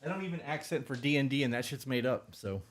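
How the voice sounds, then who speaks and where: A man's voice: mid-range voice, fast talker, slight background noise. A man co-hosting a podcast live stream, chatting casually with dry, blunt, teasing humor. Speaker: podcast co-host.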